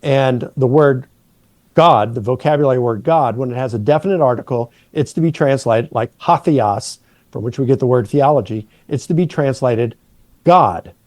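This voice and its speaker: A middle-aged man, a New Testament professor, patiently explaining Greek grammar and slowing down to stress key words. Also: medium pitch, a little mellow, dry recording.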